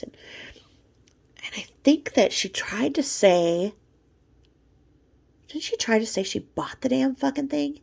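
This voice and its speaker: Gravelly, snarky woman vlogger. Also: mid-range voice, animated, normal speed, mellow. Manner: snarky, profane, mocking; snacking while talking. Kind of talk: gossip commentary vlog.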